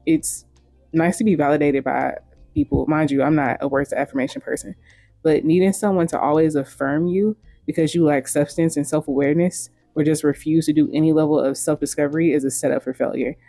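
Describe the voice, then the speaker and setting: Blunt, mellow-voiced woman host. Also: low voice, fairly quick, dry recording, faint music behind. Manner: blunt, frank, casually profane. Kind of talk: opinionated commentary.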